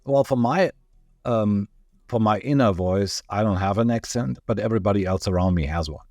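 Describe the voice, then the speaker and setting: A man's voice: fairly low pitch, moderate pace, a little mellow, no room sound. A man from Germany with a German accent, a guest chatting casually in an interview, rambling with chuckles and restarts. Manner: chuckling, digressive, many restarts.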